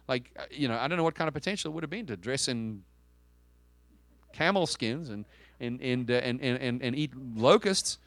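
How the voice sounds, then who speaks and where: A man's voice: fairly high pitch, a bit bright, no echo. A man preaching a sermon in a conversational, emphatic way, asking the listeners questions and often restarting his sentences. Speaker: pastor.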